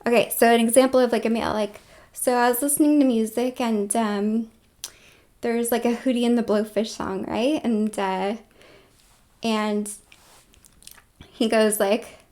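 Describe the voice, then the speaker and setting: A woman's voice: fairly high pitch, steady tone, unhurried, long pauses, warm tone. A woman vlogging in a casual, rambling monologue, full of filler words and with dips into whispered asides.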